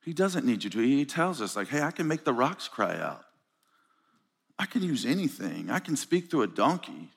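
A man's voice: mid-range voice, normal speed, gravelly, breathy edge. A man preaching at a conference, telling stories and acting out the dialogue in them. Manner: animated storytelling, acts out dialogue. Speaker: pastor. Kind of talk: conference sermon. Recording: live hall with long reverb.

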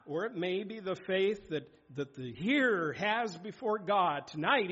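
A man's voice: sits high, a bit bright. A man preaching a sermon in a church, exhorting his hearers and reading scripture aloud with emphasis. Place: church sanctuary. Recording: dull lo-fi sound.

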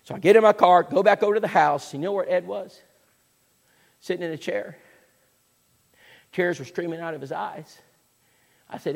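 A man, preaching a sermon as a folksy, animated storyteller. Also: high-pitched, moderate pace, vocal fry, pauses often, slightly rough. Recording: echoey hall with long reverb.

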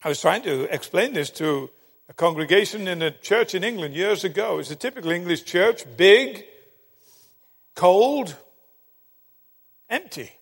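Emphatic high-voiced preacher in a hall. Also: male voice, animated, vocal fry, breathy edge. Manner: dramatic, emphatic storyteller with long pauses. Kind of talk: sermon with storytelling. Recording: long hall reverb.

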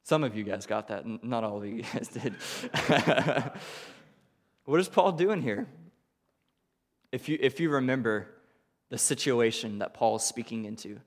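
Animated male pastor preaching in a hall. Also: medium pitch. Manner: animated, questioning, with quick rhetorical asides. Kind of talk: sermon.

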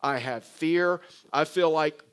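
A man's voice: fairly high pitch, takes it slowly, clear, resonant tone. A preacher voicing a bitter, self-pitying man. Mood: aggrieved. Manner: aggrieved, listing complaints.

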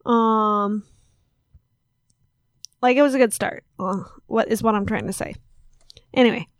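A woman's voice: on the high side, unhurried, no echo, studio quality. A woman co-hosting a casual podcast, rambling and teasing her co-host as she corrects herself mid-sentence. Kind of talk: casual chat.

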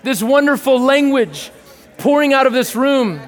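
A man preaching a sermon to a congregation, playful and animated, joking with the crowd between scripture readings. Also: extremely high pitch, measured pace, big-room sound. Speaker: pastor. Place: church hall with a live audience.

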